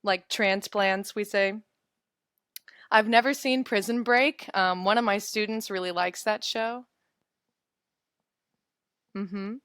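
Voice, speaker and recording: Young woman in her twenties, chatty webinar teacher, giggly, smooth dry close-mic sound. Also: mid-range voice, steady tone, slow, long pauses, fairly bright tone, dry recording. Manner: chatty, giggly, answers viewer comments. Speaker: English teacher. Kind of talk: casual live webinar chat.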